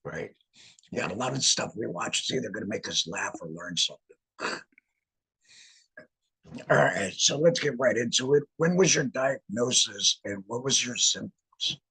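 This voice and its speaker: A man hosting a podcast, asking questions in a relaxed, conversational way. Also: medium pitch, a little slow, creaky, pauses often, breathy edge, rough recording. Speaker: podcast host. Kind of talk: casual interview chat.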